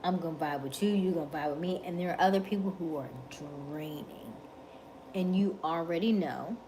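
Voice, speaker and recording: A woman in her late thirties hosting a livestream, talking with viewers in a calm, methodical, relaxed way. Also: sits low, background noise. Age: 30s. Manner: calm, methodical, unhurried delivery. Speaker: livestream host.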